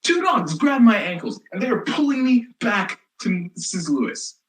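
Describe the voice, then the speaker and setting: A woman's voice: medium pitch, sing-song, normal speed, lightly acted, low-quality recording. Young woman playing a sarcastic teen rebel. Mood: sardonic. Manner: sarcastic, exasperated storyteller. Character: snarky rebellious teen girl student. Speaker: student actor. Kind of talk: comic stage monologue.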